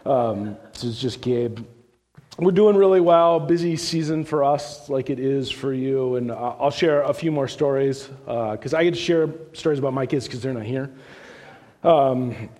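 A man's voice: medium pitch, normal speed, darkish tone. A middle-aged man giving a sermon, telling stories in a loose, chatty way with frequent restarts, his voice rising as a story builds. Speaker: visiting speaker on church missions. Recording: long reverb of a large hall.

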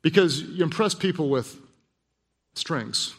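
A man preaching a sermon, telling a personal story in a hushed voice and then building to emphatic, repeated lines. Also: on the high side, expressive, slow, slightly rough. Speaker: pastor. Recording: long hall reverb.

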